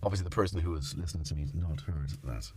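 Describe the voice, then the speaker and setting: Welsh man, rambling self-mocking synth host, very low voice, close studio mic. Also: very fast, husky, soft background music. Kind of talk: casual livestream chat. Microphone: studio dynamic mic. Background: loud synthesizer playing.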